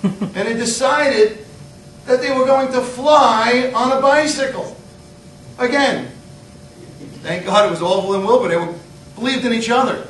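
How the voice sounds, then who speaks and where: A middle-aged man giving a humorous motivational speech, an animated storyteller acting out scenes. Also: measured pace, long pauses. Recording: echoey hall, mic far off, low rumble.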